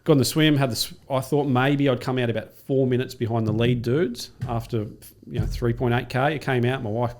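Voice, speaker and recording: Fast-talking man telling a race story. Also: mid-range voice. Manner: rapid, profane, animated retelling with acted-out quotes. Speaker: podcast guest, triathlete and coach. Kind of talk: casual storytelling.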